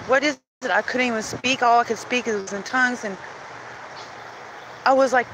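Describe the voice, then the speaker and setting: A woman's voice: fairly high pitch, background noise. A woman talking earnestly and emotionally in a rambling personal monologue, pleading at times. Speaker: vlogger sharing religious visions.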